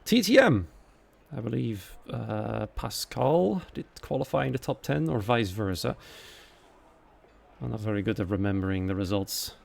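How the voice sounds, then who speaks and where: Gravelly Dutch-accented race commentator. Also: male voice, lowish voice, moderate pace. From Netherlands. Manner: quiet and chatty while waiting, lively and louder once the race starts. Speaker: sim racing commentator.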